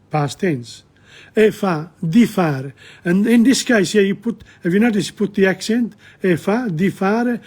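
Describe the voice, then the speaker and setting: A man's voice: high-pitched, darkish tone, breathy edge. A man teaching an informal language lesson, explaining Neapolitan song lyrics line by line with frequent restarts and asides.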